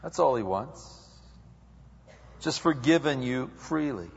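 A male preacher giving a lively sermon that acts out quotes and dialogue, recorded in an echoey hall with dull lo-fi sound. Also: mid-range voice, unhurried, vocal fry, long pauses.

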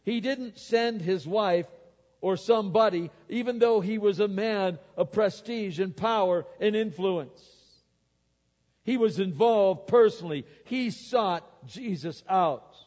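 A man preaches a sermon in a church sanctuary, his fairly high voice swinging from loud, forceful exhortation to quiet, confiding asides. The recording is muffled, and a long reverb trails after each phrase. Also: slow. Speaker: pastor.

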